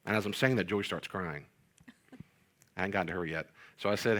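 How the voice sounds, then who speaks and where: The middle-aged pastor talks about parenting on a casual podcast, rambling through anecdotes and self-deprecating jokes. His voice is low-pitched and fairly bright, and he speaks briskly but with long pauses.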